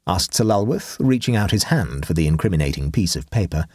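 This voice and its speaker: A man narrating a classic short story aloud in a measured, lowered voice. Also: sing-song, no room sound, clean studio sound. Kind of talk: audiobook reading of a classic story.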